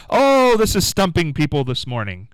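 Lively radio host with a strained throat. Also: male voice, a little high, no room sound, rough recording. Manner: lively, upbeat, sing-song when rejecting guesses. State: throat going hoarse. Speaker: radio call-in show host. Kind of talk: casual live radio quiz chat. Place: radio studio.

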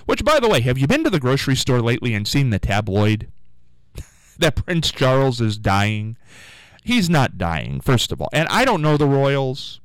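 A man hosting a radio show, telling a rambling story with animated asides in a casual on-air monologue. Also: mid-range voice, moderate pace, clear, resonant tone, no echo, poor audio.

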